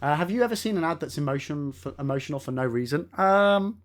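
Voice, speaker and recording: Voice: medium pitch, expressive, quick pace. A game streamer chatting casually with live viewers, laughing often and swearing now and then.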